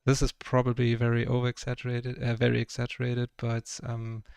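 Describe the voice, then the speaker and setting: A man's voice: mid-range voice, completely flat delivery, a little fast, gravelly, a little mellow, clear, resonant tone, no room sound. A young man from Germany with a German accent, chatting casually and rambling with lots of fillers while he paints live on stream. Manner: rambling, filler-heavy, self-conscious about his English. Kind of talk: casual livestream chat.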